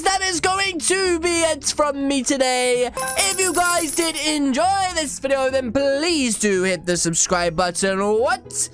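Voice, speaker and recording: A woman giving dramatic, excitable commentary over her gameplay, with lots of gasps and exclamations. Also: high-pitched, slow, few pauses. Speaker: gaming YouTuber. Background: faint game music.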